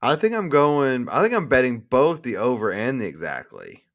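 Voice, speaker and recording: A man's voice: medium pitch, very animated, normal speed. A man co-hosting a sports betting podcast, talking eagerly with stammering restarts. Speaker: podcast co-host. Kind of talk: casual sports betting chat.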